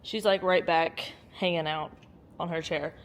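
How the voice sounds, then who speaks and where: A woman's voice: low-pitched, fairly even intonation, unhurried, slight background noise. Chatty, joking woman vlogging at home. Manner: chatty and joking, laughs often, swears casually. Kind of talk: casual vlog chat. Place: at home during a storm.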